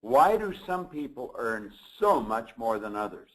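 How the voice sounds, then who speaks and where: A man hosting a motivational webinar, speaking in a measured, emphatic teaching manner. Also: medium pitch, big pitch swings, a bit bright, rough recording. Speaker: seminar host.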